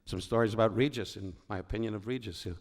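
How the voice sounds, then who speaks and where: A fast-talking older man from New York with a fairly low voice performs as a comedian guest on stage for a live audience. His stories ramble and crackle with wisecracks, and he often breaks off to interrupt himself.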